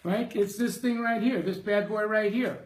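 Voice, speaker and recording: Excitable middle-aged man, shouting bursts. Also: high-pitched, normal speed. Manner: casual, slangy and restless. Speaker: salon business coach. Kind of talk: live-stream coaching, reading out viewer comments.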